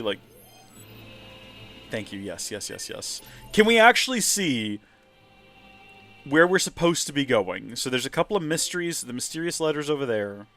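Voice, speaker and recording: A man chatting through a live game stream, joking at his own expense. His voice is bright and lively and moves a lot in pitch. Faint game music plays underneath. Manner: chatty, joking, self-deprecating. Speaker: host, gamer.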